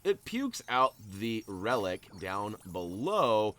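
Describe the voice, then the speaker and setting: Male gameplay host, low voice, chatty and playful, big swings in tone. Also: unhurried. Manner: chatty and playful, jumps up in excitement. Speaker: gaming channel host. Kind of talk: casual gameplay commentary.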